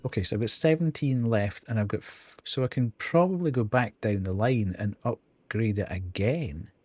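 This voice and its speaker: A man's voice: lowish voice, moderate pace, a little mellow, slight background noise. A man streaming a video game live, thinking aloud as he counts and reads out menu options. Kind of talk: casual live gameplay commentary.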